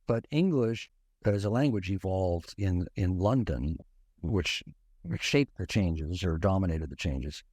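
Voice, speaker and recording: A man's voice: sits low, animated, slow, darkish tone, dry recording. A man who is a guest on a history podcast, explaining in a thoughtful way with frequent restarts. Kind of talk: conversational history discussion.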